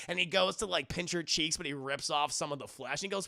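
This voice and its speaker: A man casually retelling a film's plot to his stream chat, animated and profane. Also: a little high, quick pace, gravelly, hardly any pauses. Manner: animated, profane, laughs often. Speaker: movie reviewer streaming to chat.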